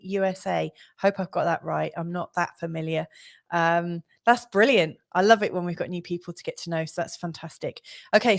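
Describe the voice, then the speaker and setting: A woman's voice: on the low side, creaky. A woman astrologer hosting a live stream, chatting casually with many fillers and frequent laughs. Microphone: studio mic.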